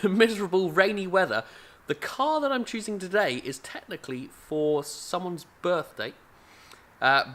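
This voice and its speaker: An English man hosts his own channel with a fairly high, bright and forceful voice. He chats casually to camera, full of filler sounds and restarts. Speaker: car channel host.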